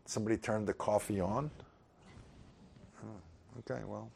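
Low-voiced man preaching casually. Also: steady tone, a little slow, gravelly, darkish tone, breathy edge. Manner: conversational, chuckling asides. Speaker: pastor. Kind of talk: informal sermon.

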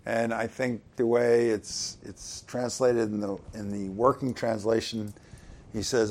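A man's voice: fairly low pitch, little pitch movement, measured pace, darkish tone. A man preaching a sermon, reading scripture and explaining it in a conversational way, asking questions of his listeners. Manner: conversational, asks the congregation questions.

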